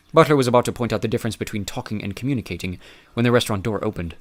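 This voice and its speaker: A man reads a novel aloud in a measured, even way. His narration is steady and unhurried between the character voices. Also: lowish voice. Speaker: audiobook narrator. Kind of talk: scripted narration.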